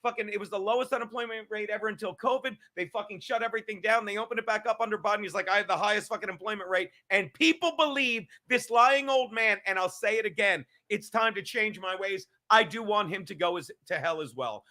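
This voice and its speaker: A man's voice: sits high, fairly quick, few pauses, pushed and bright. A male podcast host in a profane live-stream rant, angry and emphatic, swearing constantly and repeating his points.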